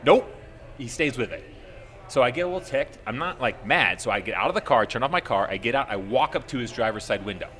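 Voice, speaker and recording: A man co-hosting a podcast tells a story with a lot of movement in his pitch. His tone is bright and forward. He swears casually and acts out the other people's lines as he goes. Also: fast talker. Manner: animated storyteller, swears freely, acts out quotes. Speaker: podcast co-host.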